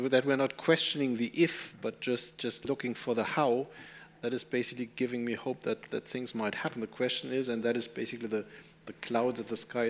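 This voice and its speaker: A man speaking on a conference panel, often restarting his words as he thinks aloud. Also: medium pitch. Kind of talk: panel discussion. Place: conference hall.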